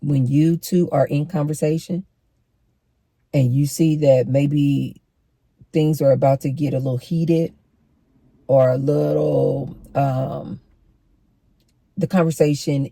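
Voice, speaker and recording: A woman's voice: low voice, steady tone, a little slow, creaky, long pauses, mellow, no room sound. A middle-aged woman giving relationship advice straight to her viewers, emphatic and preachy. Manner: emphatic, preachy, direct address to women. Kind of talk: advice monologue to camera.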